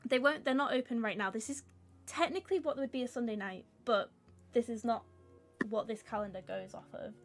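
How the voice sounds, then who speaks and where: Woman gm describing the scene, laid back, kinda high voice. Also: fairly quick, soft background music. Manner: relaxed, descriptive, casual. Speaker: game master. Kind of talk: narrating a tabletop game.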